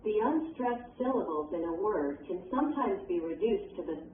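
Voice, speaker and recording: A woman reading English textbook exercises and instructions aloud in a measured, instructional way. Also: mid-range voice, animated, a little hiss or hum. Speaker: textbook reader. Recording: echoey, distant, tinny.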